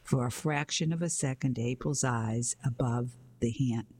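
A man reading a children's mystery story aloud in a steady storytelling way, sometimes going back to reread a phrase. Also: mid-range voice, unhurried, husky. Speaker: narrator.

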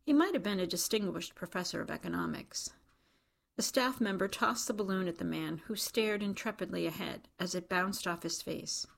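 Woman narrating audiobook, low voice, kinda gravelly, dry wry delivery. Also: moderate pace.

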